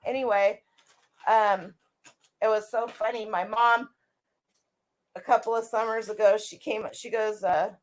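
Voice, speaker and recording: A woman's voice: mid-range voice, fairly even intonation, measured pace, long pauses. A middle-aged woman who resells vintage clothing, chatting casually and rambling on a live stream with lots of restarts.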